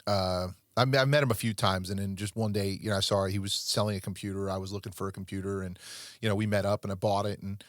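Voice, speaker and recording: A man's voice: fairly low pitch, fairly even intonation, fast talker, dry recording, clean studio sound. A middle-aged man hosting a podcast, telling stories in a rambling, earnest way with many restarts. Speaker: podcast host. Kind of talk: casual podcast chat.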